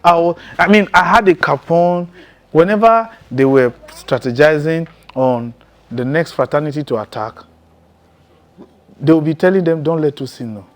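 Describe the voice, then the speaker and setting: A man's voice: fairly high pitch, moderate pace. Emphatic man preaching a testimony. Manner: intense, emphatic storytelling with frequent chuckles. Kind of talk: testimony sermon.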